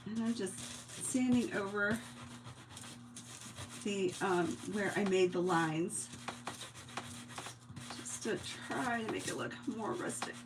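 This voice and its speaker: A woman's voice: mid-range voice, slow pace, pauses often, noisy background. Chatty woman with a mixed East Coast accent. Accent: mixed New Jersey, Long Island and Indiana. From New Jersey. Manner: chatty, laughs often, thinks aloud while working. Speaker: crafting livestream host. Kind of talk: casual craft-along chat.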